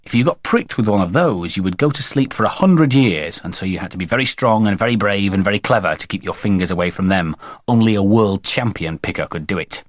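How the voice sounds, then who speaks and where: A man narrating a children's storybook in a playful, expressive way. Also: lowish voice, a little fast, dry recording, studio quality. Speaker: audiobook narrator.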